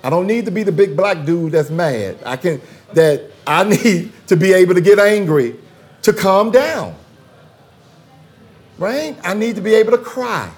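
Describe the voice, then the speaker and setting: A man's voice: high-pitched, lively intonation, measured pace, darkish tone. A man, a theologian guest in a conversational interview, talking emphatically and repeating phrases for rhythm.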